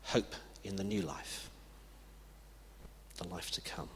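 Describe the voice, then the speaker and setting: A man preaching a sermon with emphatic delivery. He swings from loud declarations to hushed passages. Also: low voice, steady tone, slow pace. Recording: reverberant hall with faint background noise.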